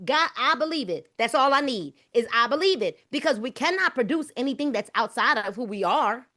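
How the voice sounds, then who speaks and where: A woman's voice: a little high, animated, brisk, sharp tone. Fervent woman preaching at a live book club. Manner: fervent, preacher-like, repeating phrases; casual informal speech.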